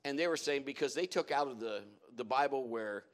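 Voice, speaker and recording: A pastor with a medium-pitched voice speaks briskly as he preaches a sermon to his congregation in a church, weaving folksy stories in as he goes.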